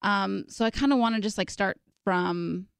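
A woman's voice: medium pitch, moderate pace, gravelly, clean tone, dry recording, clean studio sound. A woman co-hosting a podcast, asking questions in a loose, rambling way full of fillers. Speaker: podcast co-host. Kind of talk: casual podcast interview.

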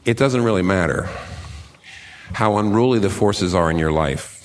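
A man preaching a sermon, conversational and emphatic, with pitch that swings up and down as he stresses his points. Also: animated, normal speed. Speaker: pastor.

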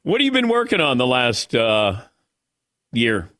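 Middle-aged host, bright and animated, dry studio sound, easygoing interviewer. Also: male voice, mid-range voice, no echo. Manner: easygoing, curious, quick to laugh along. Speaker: talk show host. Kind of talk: casual interview chat.

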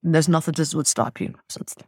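A middle-aged singer, a guest in an interview, telling stories in a rambling, animated way with many restarts. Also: mid-range voice, fairly quick, slightly rough, no room sound, clean studio sound. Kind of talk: candid conversational storytelling.

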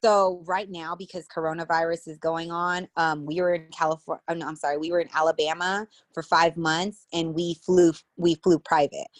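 A woman's voice: lowish voice, level tone, moderate pace, few pauses, no echo. A woman in her thirties with an American accent, chatting casually as an interview guest, full of fillers. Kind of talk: casual conversation.

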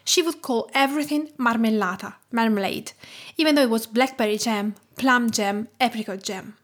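Woman, Italian accent, thirties, podcast host, measured hushed narration, fairly high pitch. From Tuscany, Italy. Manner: calm, measured storytelling, often soft and hushed.

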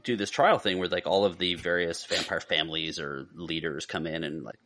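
Podcast co-host, low and bright, rambling anecdotes with laughs. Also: male voice, steady tone, a little fast, no room sound. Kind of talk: casual chat.

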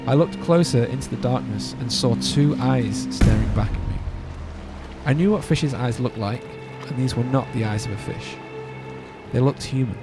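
A man's voice: medium pitch, moderate pace, loud music behind the voice. A man hosting a podcast, reading a spooky story aloud with joking asides. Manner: animated, joking asides between narration. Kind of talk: casual storytelling read-aloud.

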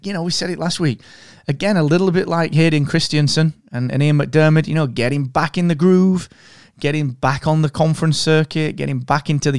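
Smooth-voiced man hosting a podcast. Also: a little high, normal speed, no room sound, clean studio sound. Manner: relaxed and conversational, drifting into an upbeat show plug. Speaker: podcast host. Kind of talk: casual chat.

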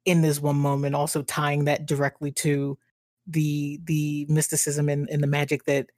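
A woman co-hosting a podcast, giving relaxed, thoughtful commentary. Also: low voice, moderate pace, no echo, studio quality. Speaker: podcast co-host. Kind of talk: casual book-discussion chat.

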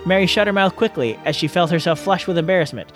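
A man's voice: high voice, lively intonation, fast talker, a bit bright, faint music behind. Man narrating a storybook chapter. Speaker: guest reader. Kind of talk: audiobook reading of a novel chapter.

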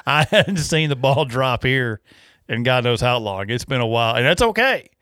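A man's voice: medium pitch, expressive, moderate pace, a bit bright, no room sound, clean studio sound. A man hosting a podcast in casual, rambling chat, laughing and restarting his sentences. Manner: rambling, laughing, self-interrupting. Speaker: podcast host.

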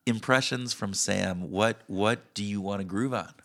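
A man's voice: lowish voice, measured pace, fairly bright tone. A man hosting a podcast, chatting playfully with his co-host and tossing in jokey asides. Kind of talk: casual podcast chat.

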